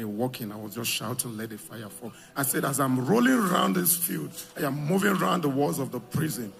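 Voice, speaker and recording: A man giving an emotional church testimony, telling his story and shouting at the high points. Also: creaky.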